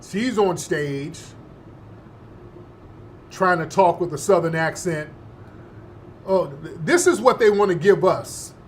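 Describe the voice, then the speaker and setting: A man's voice: sits high, slow pace, pauses often, a little hiss or hum. A male host giving opinionated political commentary in an emphatic, slangy, scoffing manner.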